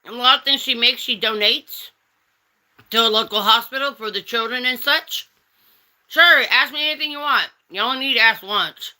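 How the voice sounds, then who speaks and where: A woman's voice: a little high, moderate pace, bright, forceful tone. A woman hosting a casual livestream, reading chat and teasing viewers with pet names like honey and darling.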